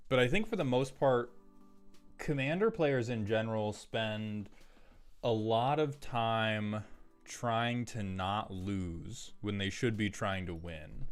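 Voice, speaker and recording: A man hosting a live stream in casual chat, rambling and throwing in quick asides to his viewers. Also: on the low side, clear, resonant tone. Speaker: streamer host.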